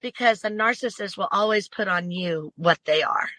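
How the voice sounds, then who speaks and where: A woman's voice: mid-range voice, moderate pace, sharp tone, dry recording, poor audio. A woman as an interview guest telling a personal story in an earnest, emphatic way.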